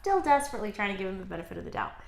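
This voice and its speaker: A woman's voice: medium pitch, big pitch swings, racing, vocal fry, roomy sound, slight background noise. A woman co-hosting a casual chat over wine, telling a story animatedly and acting out quoted dialogue. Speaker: small business owner, co-host.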